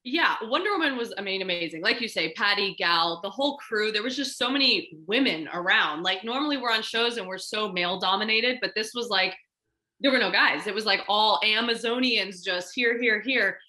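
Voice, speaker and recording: A woman's voice: medium pitch, brisk. A woman, a stunt performer and martial artist, telling stories as an interview guest and acting out the lines of the people in them. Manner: animated, acts out quoted dialogue. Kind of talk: casual interview storytelling.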